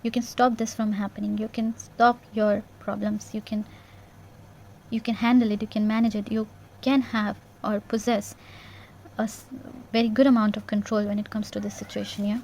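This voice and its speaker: A woman giving an intuitive tarot reading in a gentle, reassuring way, repeating herself and checking in with "yeah?". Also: medium pitch, little pitch movement, moderate pace, gravelly, a little hiss or hum. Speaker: tarot reader.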